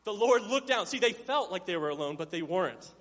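A high-voiced male pastor preaches a sermon, moving between loud emphasis and hushed asides while playfully acting out Bible figures' lines. He is expressive and a little fast, and a big hall's long reverb trails his words.

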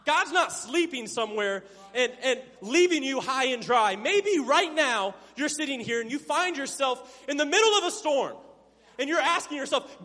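A man preaching a sermon as pastor. He swings from loud emphasis to hushed, low tones and acts out Bible characters' lines in playful voices. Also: expressive, moderate pace, big-room sound.

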